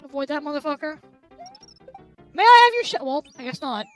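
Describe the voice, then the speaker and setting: Very high, lively tipsy woman gamer. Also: brisk, loud music behind the voice, low-quality recording. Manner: loud, swearing, yelling at the game. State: tipsy from drinking. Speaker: gamer playing and commenting. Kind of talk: let's play commentary while drinking.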